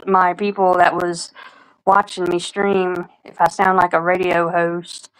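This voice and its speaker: Soft-spoken woman streamer chatting. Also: fairly low pitch, little pitch movement, a little slow, clean tone, no echo, low-quality recording. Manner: soft-spoken, rambling with restarts. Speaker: streamer guest. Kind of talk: casual live-stream chat.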